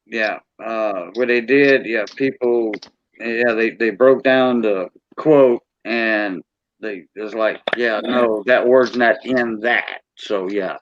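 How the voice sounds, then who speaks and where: A man's voice: on the low side, steady tone, slow, a little hiss or hum. A man hosting a casual livestream chat, hesitating and saying "yeah" often. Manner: hesitant, repeats "yeah" a lot. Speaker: livestream host. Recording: dull lo-fi stream audio.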